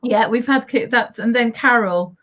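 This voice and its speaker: A woman's voice: on the high side, moderate pace, a bit bright. A woman hosting an online interview, encouraging her guest and reading out viewer comments. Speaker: host.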